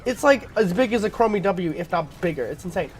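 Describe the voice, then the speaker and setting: A man commentating his own gameplay in a casual, rambling way, full of fillers and throat-clearing because he is sick. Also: high-pitched, expressive, brisk, faint music behind. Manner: rambling, filler-heavy, thinking aloud.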